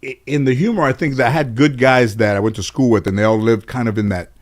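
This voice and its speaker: Middle-aged man from Los Angeles, guest storyteller; animated, profane, laughs at his own jokes. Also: mid-range voice, quick pace. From Los Angeles area. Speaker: guest comedian. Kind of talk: casual storytelling in interview.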